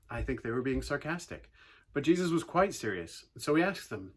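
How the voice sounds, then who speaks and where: A man giving a casual youth talk, retelling a Bible story as an animated storyteller with playful sarcastic asides. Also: mid-range voice, moderate pace. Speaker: youth ministry speaker.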